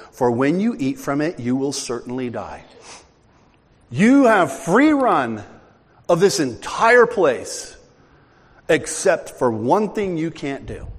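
Animated older male preacher in a hall. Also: a little high. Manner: animated, conversational preaching with acted-out dialogue. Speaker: pastor. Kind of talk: sermon.

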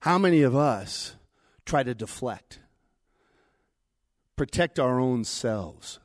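A man preaching in a relaxed, conversational voice, rising to loud emphatic lines and dropping to near hushed ones. His pitch sits in an ordinary middle range. The sound is dry and close, with little room echo. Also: takes it slowly. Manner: conversational, dramatic shifts between loud and hushed. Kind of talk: sermon.

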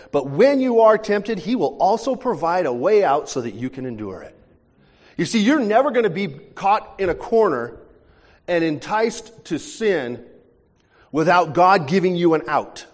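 A man's voice: a little high, a little slow. Male pastor preaching in a big echoing hall. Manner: animated storytelling with repeated restarts. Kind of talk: sermon. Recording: long church hall reverb.

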